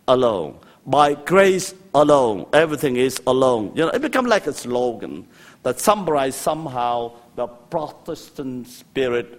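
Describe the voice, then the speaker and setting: An older man giving a university theology lecture, lively and repetitive, with asides to the students and an other than English. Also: on the high side. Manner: animated, repeats words, quotes and asides to students.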